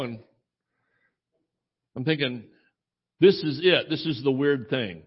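A man's voice: mid-range voice, slow, pauses often, husky, highs cut off. A male preacher telling a rambling anecdote in a sermon, acting out the voices of the people he quotes. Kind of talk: sermon storytelling.

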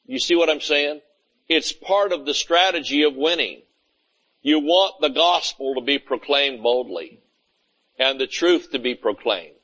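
A man's voice: a little high, unhurried, sharp tone, muffled recording. A man preaching a conversational sermon, often asking "Amen?" and acting out little scenes of everyday talk. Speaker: pastor.

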